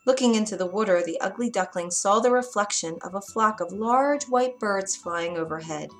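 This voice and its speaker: A woman reading a children's story aloud, gentle and expressive. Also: mid-range voice, moderate pace, soft background music.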